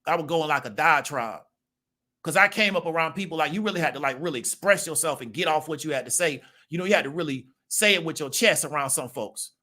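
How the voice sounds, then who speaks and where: A man's voice: a little high, expressive, quick pace, bright, forceful tone. A man, giving a casual monologue to his viewers and checking in with rhetorical questions. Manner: conversational, rhetorical "right?" check-ins. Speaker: channel host.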